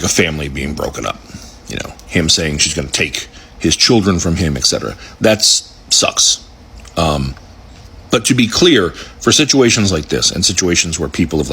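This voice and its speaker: A man giving measured, explanatory reaction commentary. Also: low voice, sharp tone, breathy edge.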